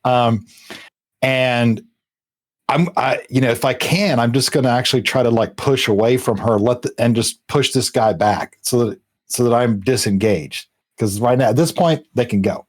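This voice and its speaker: A man playing a tabletop game, talking in halting, filler-laden bursts. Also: medium pitch. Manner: hesitant, lots of "like". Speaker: player. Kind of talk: casual tabletop play.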